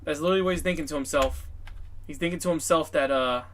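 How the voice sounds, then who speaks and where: Guy running a tabletop game, higher voice, super casual, lots of like and swearing. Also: quick pace, a bit bright, slight background noise. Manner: casual, filler-heavy, profane. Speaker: game master.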